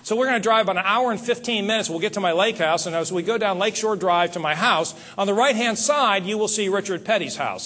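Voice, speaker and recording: A man giving a motivational sales seminar on stage, talking straight to the audience in an animated way. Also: high-pitched, fast, hardly any pauses. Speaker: seminar speaker.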